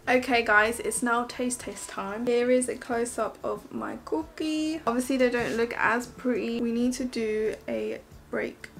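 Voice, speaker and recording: A woman's voice: on the high side, a little hiss or hum. A young woman chatting casually in a home kitchen as she shows and tastes her baking, upbeat and full of "like" and "um". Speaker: baking vlogger. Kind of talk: casual vlog chat.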